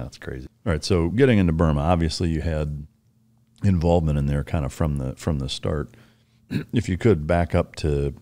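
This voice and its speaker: A man's voice: rumbling low, dark tone. A man hosting a podcast, reacting briefly and asking his guest long open questions. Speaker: podcast host. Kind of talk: interviewing a guest.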